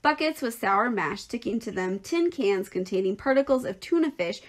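A woman's voice: on the high side, animated, moderate pace, natural voice. A woman voicing a knowing, persuasive old female sheep in a storybook, lingering over each word.

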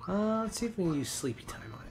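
A man hosting a let's play, calmly explaining his moves as he plays. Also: sits high, fast, faint music behind. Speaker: host playing a video game.

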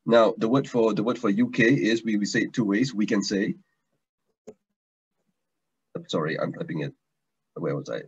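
A man's voice: on the low side, moderate pace, pauses often, breathy edge. A man teaching an online language taster class, chatty, repeating words and restarting often, over a video call. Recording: dull lo-fi online stream audio.

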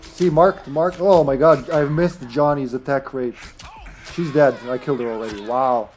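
A man's voice: mid-range voice, moderate pace, a little mellow, soft background music. A man streaming a horror game with friends, chatting casually and jokingly, laughing often and trailing off mid-sentence. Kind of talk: casual gaming chat.

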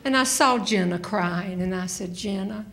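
An older woman telling a story on stage as a humorist, animated and slipping into voices of the people she quotes. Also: lowish voice, moderate pace, slight background noise. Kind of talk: live stand-up storytelling. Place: stage before a laughing audience.

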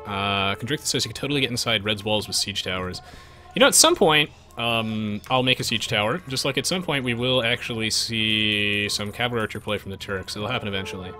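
Casting: male game streamer, playful and chatty, bright forward tone, soft music behind. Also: fairly low pitch, fairly quick. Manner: playful, jokey, bursts into silly voices. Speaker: gaming streamer. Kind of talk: live stream game commentary.

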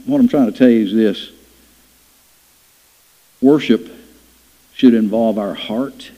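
Preaching in a church sanctuary, this pastor speaks on the low side, a little slowly, with frequent pauses. The dull, lo-fi church hall recording catches his folksy stories, where he plays out characters in fun acted voices.

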